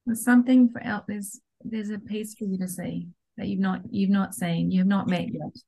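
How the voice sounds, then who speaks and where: A woman leading a group coaching call on a video call, soft and inviting as she guides the group. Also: medium pitch, fairly even intonation, moderate pace, creaky, husky.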